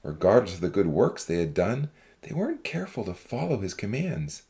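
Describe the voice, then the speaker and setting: A woman voicing a gentle, earnest young man who speaks calmly to old friends in a Christian novel reading. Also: rumbling low, fairly quick, pitched below the performer's own voice, full character voice.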